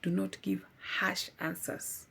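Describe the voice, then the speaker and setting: Young woman vlogger, slow deliberate delivery, earnest and pleading, husky tone. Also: lowish voice, level tone, fairly bright tone. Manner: earnest, pleading, repeats for emphasis. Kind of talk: heartfelt personal testimony.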